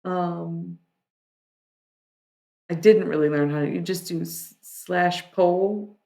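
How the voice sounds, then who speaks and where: A woman streamer chats easily with her viewers in a low, gravelly voice. She takes her time, drifting between thoughts with plenty of fillers and restarts. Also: steady tone, slow, mellow. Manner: rambling and laid-back, many fillers and restarts. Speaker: livestreamer. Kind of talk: casual chat with viewers.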